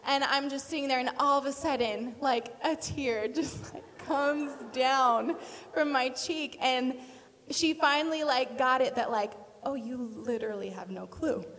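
Woman in her thirties, relaxed self-deprecating preacher, slightly high pitch, hall reverb. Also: a little slow, slight background noise. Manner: chatty, self-deprecating, laughing storyteller. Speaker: speaker at church. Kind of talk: sermon with personal story.

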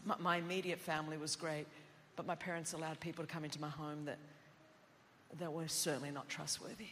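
An Australian woman preacher telling a personal story in a sermon, animated and self-mocking, acting out what people said. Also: low-pitched, brisk, long reverb tail, slight background noise.

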